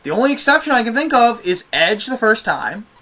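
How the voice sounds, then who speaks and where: High, bright-voiced man ranting. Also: big pitch swings, brisk, dull audio. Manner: exasperated, profane ranting. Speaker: wrestling show reviewer. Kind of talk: casual spoken review.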